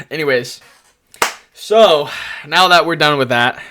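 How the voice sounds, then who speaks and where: A young adult man giving casual tier-list commentary, telling rambling, excitable stories padded with lots of "like". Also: a little high, slow. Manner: excitable, rambling storyteller full of "like". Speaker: anime YouTuber.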